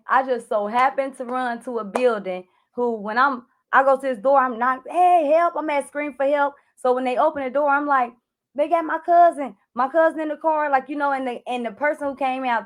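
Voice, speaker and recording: With a fairly high pitch and a quick, nearly pause-free delivery, a woman who coaches clarity tells viewers a moving story from her life, calling them "y'all" and reenacting her panicked shouts for help.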